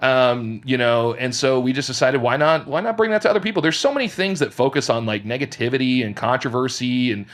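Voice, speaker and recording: A man's voice: mid-range voice, fairly even intonation, brisk, hardly any pauses, a bit bright. A man co-hosting a casual podcast, joking and laughing often as he tells stories. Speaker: podcast co-host. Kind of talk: casual chat.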